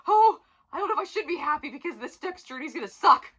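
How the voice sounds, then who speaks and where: A woman giving a casual, profane book review for her channel, swinging from loud emphasis to near-whispers. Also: high-pitched, animated, quick pace, rough recording.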